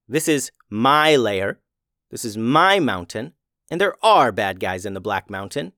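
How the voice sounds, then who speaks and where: Scheming male evil wizard, voiced by a man smug and sarcastic, with a lively, animated pitch. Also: a little slow, no echo, clean studio sound, exaggerated voice.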